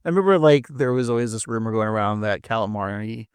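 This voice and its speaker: A man co-hosting a podcast in relaxed, rambling chat, laughing often. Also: fairly low pitch, fast talker, clean tone, dry recording, clean studio sound. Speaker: podcast co-host. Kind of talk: casual chat.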